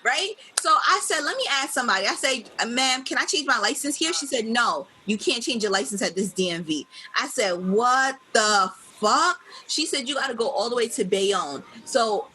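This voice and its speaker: A woman's voice: a little high, animated, fairly quick, few pauses, sharp tone, slightly rough, rough recording. A woman from New York co-hosting a podcast, telling a story in casual chat, swearing often and acting out the other people in it. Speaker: podcast co-host.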